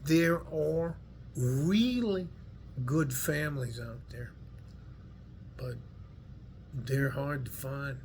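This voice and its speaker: A man's voice: mid-range voice, very slow, pauses often, darkish tone, slight background noise. A middle-aged man with a West Texas accent, talking to his viewers in a rambling, earnest, folksy way with salty language. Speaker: vlogger. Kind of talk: casual heartfelt monologue to viewers.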